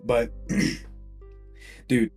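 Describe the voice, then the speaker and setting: A young man casually narrating a fan-made story, excitable and slangy, full of fillers. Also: very slow. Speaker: YouTube storyteller. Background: faint background music.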